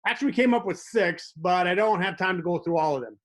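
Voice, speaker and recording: A man's voice: sits high, fast. A man hosting a comedic monologue, telling wry stories with little mock dialogues. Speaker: host.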